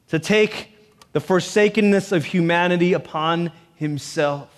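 A man preaching a sermon, animated, with joking asides and voices put on for quotes. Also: high voice, a little slow. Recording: long reverb.

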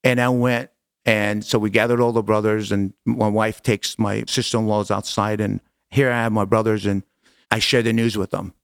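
A middle-aged man telling a personal story as an interview guest, animated and casual, acting out dialogue. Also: fairly low pitch, normal speed, gravelly, smooth, no echo. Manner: animated, acts out quoted dialogue, casual slang.

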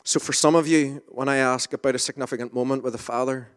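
A man's voice: medium pitch, steady tone, quick pace, smooth. A man preaching an informal sermon in a conversational, self-deprecating way, with asides and restarts. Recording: reverberant hall.

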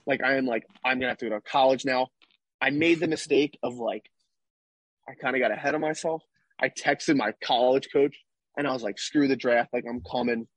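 Young male athlete guest, husky, casual rambling storyteller, dry close sound. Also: medium pitch, fairly quick, a bit bright, no room sound. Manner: rambling, tag questions like "right?". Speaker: podcast guest, baseball player.

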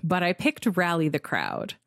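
Woman co-host recapping a video game, lowish voice, dry close sound, lively storytelling. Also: normal speed, creaky, no room sound. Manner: animated storytelling, reads game dialogue aloud. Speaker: podcast co-host. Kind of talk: casual game recap chat.

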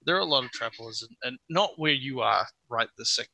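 Bright-voiced man running a tabletop game. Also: mid-range voice, animated, quick pace, gravelly, dry recording. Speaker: game master.

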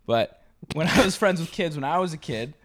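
A man's voice: on the high side, lively intonation, a little fast. A man in his twenties co-hosting a podcast, talking loosely and profanely in rambling stories. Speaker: podcast co-host. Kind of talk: casual podcast banter.

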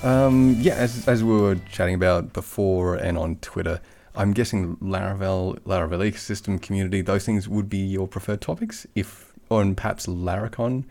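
A man's voice: deep voice, fairly even intonation, normal speed, darkish tone, soft background music. A man with an Australian accent hosting a casual interview, talking hesitantly with many restarts. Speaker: podcast host.

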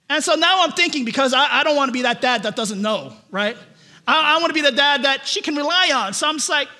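A man preaching a sermon, telling a family story with lively, animated delivery and frequent repeated starts. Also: very high voice, a little fast. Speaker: pastor.

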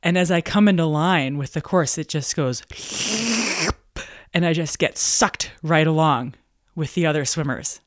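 A woman hosting a business podcast, telling a personal story in a lively way, acting out her own thoughts and chanting rhythmic counts. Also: sits low, normal speed.

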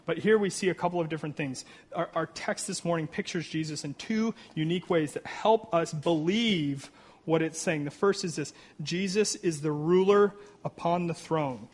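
An earnest man preaching a sermon in a fairly high-pitched voice. He reads scripture with rising emphasis and breaks it up with casual asides and jokes at his own expense. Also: moderate pace. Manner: earnest, with frequent "right?" asides and self-deprecating humor. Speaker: pastor.

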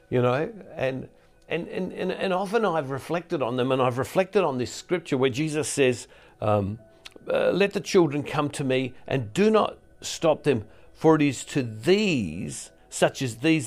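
An older man delivers a recorded teaching talk from a ministry studio, in the role of a Catholic preacher. He talks in a relaxed, conversational way, often restarting phrases and repeating words. His voice sits at an ordinary middle pitch for a man. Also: unhurried, faint music behind.

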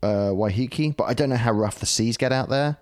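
A man's voice: medium pitch, fairly quick. A man with a New Zealand accent chatting casually on a podcast, rambling and joking, often laughing. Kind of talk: casual chat.

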